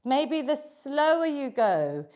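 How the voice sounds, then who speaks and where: A woman's voice: sits high, sing-song, takes it slowly, a little mellow. A middle-aged British woman leading a live online workout class, encouraging her students and cueing their breathing and counts. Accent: British English. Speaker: fitness instructor.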